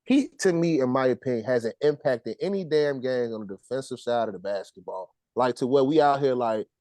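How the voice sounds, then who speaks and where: Loud slangy dude, voice swings up and down a lot, dry close mic. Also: male voice, medium pitch, fairly quick, no echo. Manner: lively, slangy, blunt, swears freely. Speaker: podcast co-host. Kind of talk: casual sports chat.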